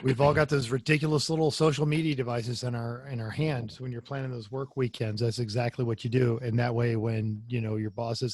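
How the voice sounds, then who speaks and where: A man's voice: mid-range voice, steady tone, a little fast, a little mellow, no echo, clean studio sound. A man co-hosting a casual racing podcast, rambling and jokey, often repeating words. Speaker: podcast co-host. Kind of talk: casual chat.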